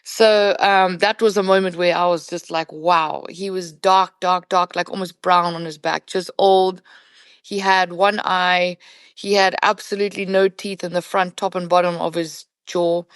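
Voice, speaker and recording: A woman who works as a professional hunting guide, a podcast guest retelling a night hunt in animated, conversational storytelling full of "you know" fillers. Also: lowish voice, measured pace, clear, resonant tone, no room sound.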